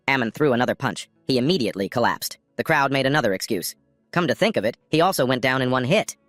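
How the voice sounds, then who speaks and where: A man narrating a manhwa recap in a steady, scripted storytelling manner. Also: medium pitch, quick pace, no room sound. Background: faint music.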